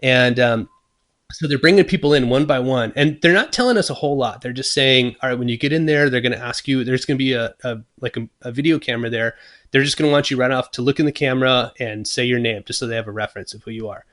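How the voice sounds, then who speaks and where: Man, guitar maker, casual storytelling, animated, acts out quotes, middle pitch. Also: quick pace. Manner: animated, acts out his own thoughts and quotes; many fillers and restarts. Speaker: guest luthier.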